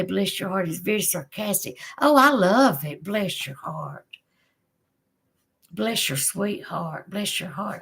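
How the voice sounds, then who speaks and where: Chatty Southern woman hosting a livestream. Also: mid-range voice. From Southern United States. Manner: chatty, giggly, drawling, warm-hearted with viewers. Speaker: livestream host. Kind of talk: casual livestream chat reading comments.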